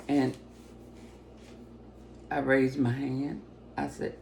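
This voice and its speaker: A woman giving a personal testimony as a story, talking with excitement and breaking into laughter often. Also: deep voice, slow pace, gravelly, pauses often, a little hiss or hum.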